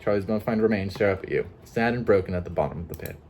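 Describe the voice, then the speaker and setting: A man with a sore throat reading a story game aloud for a video, pausing to joke about his own voice. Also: fairly low pitch, a little hiss or hum. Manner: expressive reader who breaks off to joke and laugh. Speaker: gaming video creator.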